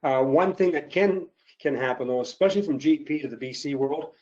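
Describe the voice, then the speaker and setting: Male presenter, steady explanatory webinar demo; warm, muffled audio. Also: fairly high pitch, a little fast. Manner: explanatory, steady walkthrough with fillers.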